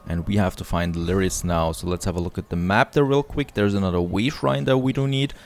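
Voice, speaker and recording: A man's voice: low-pitched, a little fast, slight background noise. A man giving casual, upbeat commentary as he plays a video game, often admiring the scenery aloud. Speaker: let's play host.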